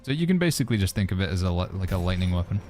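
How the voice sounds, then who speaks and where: A man's voice: low voice, sing-song, racing, darkish tone. A man streaming a game, chatting casually and answering viewer questions as he plays. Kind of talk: casual gaming commentary. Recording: faint music behind.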